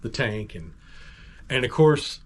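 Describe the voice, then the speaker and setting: A man's voice: medium pitch, slow pace, a little hiss or hum. Middle-aged man telling a story casually. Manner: animated, conversational, acts out moments.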